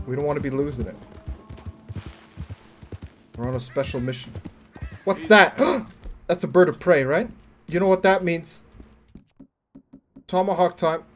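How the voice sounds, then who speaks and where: A young man streaming a game, joking crudely and breaking into loud whoops and yelps. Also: on the high side. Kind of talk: casual livestream chat while playing.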